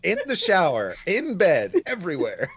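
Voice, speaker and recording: A man's voice: sits high, wildly swooping pitch, moderate pace, a bit bright, slightly rough. Guy at the d&d table cracking jokes, bouncy voice, kinda muffled lo-fi mic. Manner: joking, chuckly. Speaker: player. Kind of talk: tabletop game play.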